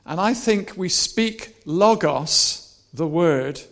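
A man preaching a sermon in a high voice at an unhurried pace. He moves between quiet, chatty asides and loud, repeated rallying calls, laughing along with the congregation. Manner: animated, shouting and laughing with the crowd.

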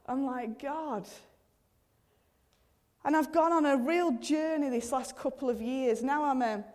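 Earnest woman preacher, higher voice. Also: unhurried, darkish tone. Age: 30s. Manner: earnest, conversational, many fillers and repeated appeals to God. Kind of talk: sermon.

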